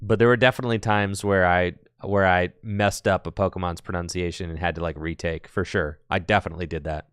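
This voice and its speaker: Male stream commentator, chatty and joking, clear smooth voice with no room sound. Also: deep voice, steady tone, a little fast, hardly any pauses, no echo, studio quality. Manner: chatty and playful, laughs often, answers chat. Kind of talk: casual live-stream commentary.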